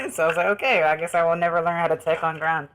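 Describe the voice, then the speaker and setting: A man's voice: on the high side, fairly bright tone, slight background noise. A man streaming a game, chatting with his viewers in an easygoing, rambling way. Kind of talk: casual live-stream chat while gaming.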